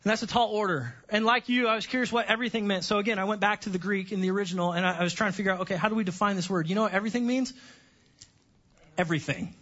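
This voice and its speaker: A man preaching a sermon as pastor, animated, joking and sarcastic with his congregation. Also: high voice, rapid-fire, hardly any pauses, lo-fi sound.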